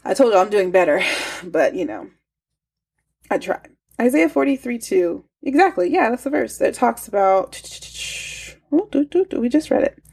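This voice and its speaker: A woman talks through a devotional teaching in a chatty, emphatic way with plenty of asides. Her voice is gravelly and husky, and a stuffy, congested nose colors her words. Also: fairly high pitch, very animated, moderate pace, pauses often, darkish tone. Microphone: phone.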